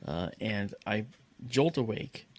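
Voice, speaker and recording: A man's voice: lowish voice, animated, a little mellow. A man telling a personal story dramatically, acting out the voices of the people in it, with many fillers and restarts. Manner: acts out voices in quotes, halting with fillers.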